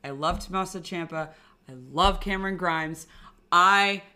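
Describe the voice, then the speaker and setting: A woman co-hosting a podcast, chatting casually and gushing like an excited fan. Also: lowish voice, measured pace. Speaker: podcast co-host. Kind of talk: casual chat.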